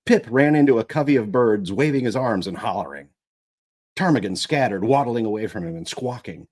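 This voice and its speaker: A man with a low voice reads an audiobook aloud, his pitch rising and falling widely. He restarts sentences when he stumbles. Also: expressive, fairly quick, darkish tone. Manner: rereads lines after stumbles. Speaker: audiobook narrator.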